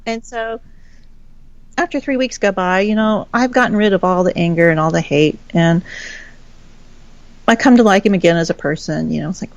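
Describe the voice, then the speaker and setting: A woman's voice: fairly low pitch, moderate pace, vocal fry, long pauses, no echo, muffled recording. A woman guest telling a personal story in a frank, chatty way, swearing casually. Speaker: podcast guest.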